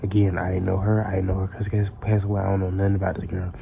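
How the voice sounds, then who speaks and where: A man's voice: low voice, level tone, racing, gravelly, noisy background. A man telling a casual storytime tale in a profane, rambling way, full of restarts.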